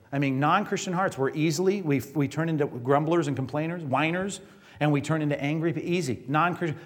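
A male pastor giving a conversational sermon, often asking the congregation questions. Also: on the high side. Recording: reverberant hall.

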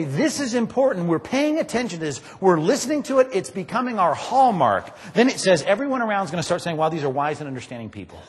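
A male pastor delivers a sermon with a high, lively voice that rises and falls sharply. He drives his points home with emphatic questions to the congregation. His voice carries a long reverb from the hall. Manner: emphatic, animated preaching with rhetorical questions to the congregation.

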